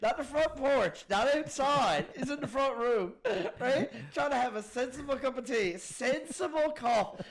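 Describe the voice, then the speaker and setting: A man's voice: very high-pitched, measured pace, few pauses, crowd noise. A man in casual podcast chat, laughing and repeating the funny lines.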